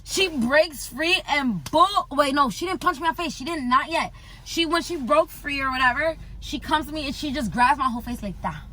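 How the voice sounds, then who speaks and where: A young woman from the United States, telling an animated, slangy storytime vlog and repeating herself for emphasis. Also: sits high, moderate pace, low-quality recording. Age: young adult. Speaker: vlogger.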